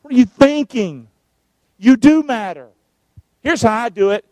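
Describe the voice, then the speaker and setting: High-voiced preaching pastor, dry sound. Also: male voice, lively intonation, a little slow, long pauses, a little mellow, dry recording. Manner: emphatic preaching with call-and-response. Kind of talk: sermon.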